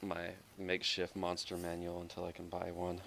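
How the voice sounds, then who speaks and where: A man playing a tabletop game, making quiet joking asides from away from the mic. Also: sits low, monotone, moderate pace, creaky, slight background noise. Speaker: player.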